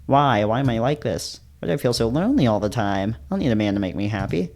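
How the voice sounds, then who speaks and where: A man voicing an anxious young man from a visual novel, tearful and harsh with himself, his voice held low and hushed as he scolds himself over and over. Plain storybook reading, nothing showy. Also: expressive, fast, lightly acted. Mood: upset. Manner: tearful, self-berating. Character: anxious young man crying alone, self-loathing.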